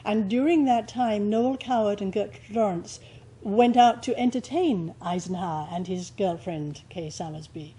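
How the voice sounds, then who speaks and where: A woman's voice: mid-range voice, moderate pace, breathy edge, low-quality recording. Older woman, theatrical storyteller. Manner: lively storyteller, theatrical delivery. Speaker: interview guest, stage actress. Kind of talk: anecdotal interview chat.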